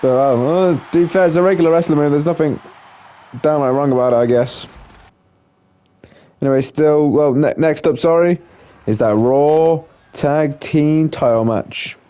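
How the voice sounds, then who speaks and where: A man with a fairly high voice narrates video game action as a casual play-by-play commentator. He is excitable and keeps tossing in exclamations and filler words as he calls the moves. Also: moderate pace. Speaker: gameplay commentator.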